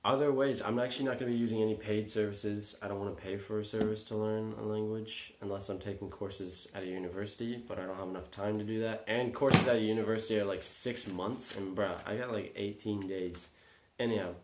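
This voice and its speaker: A man's voice: lowish voice, steady tone, brisk, a little hiss or hum. A young man vlogging casually, rambling with lots of fillers and self-deprecating asides. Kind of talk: casual vlog talk. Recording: echoey room.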